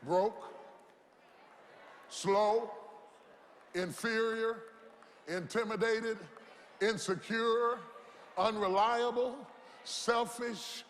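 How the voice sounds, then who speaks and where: Slow, high-voiced preacher in a hall. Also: male voice, lively intonation, slight background noise. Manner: impassioned, rhythmic preaching with repetition and call-and-response. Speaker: pastor. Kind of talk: sermon. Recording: long hall reverb.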